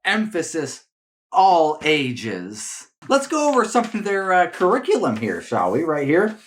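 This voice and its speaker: A man speaking with a lively, swinging pitch as he runs his commentary show. He stumbles and doubles back on his words, restarting sentences, in a loose, off-the-cuff way. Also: moderate pace. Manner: animated, repeats words and restarts often. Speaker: political commentary host. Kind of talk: casual opinion commentary to camera.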